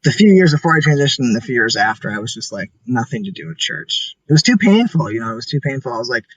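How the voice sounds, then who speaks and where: Husky-voiced young man chatting earnestly. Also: medium pitch, quick pace, fairly bright tone, no echo, poor audio. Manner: chatty, full of "like" fillers, earnest. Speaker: interview guest. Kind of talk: casual interview conversation.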